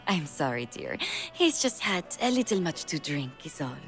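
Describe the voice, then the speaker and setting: A refined, flirtatious lady with a put-on French accent. She teases gently and stays genteel. Her pitch moves lively over a faint music bed. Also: unhurried, exaggerated voice. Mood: teasing. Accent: fake French.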